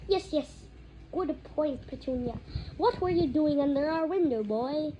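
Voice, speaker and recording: A woman voicing a blustering middle-aged uncle who snarls, his voice croaky with fury, in a storybook reading. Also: high-pitched, animated, a little slow, warm tone, muffled recording, a little hiss or hum, pitched above the performer's own voice.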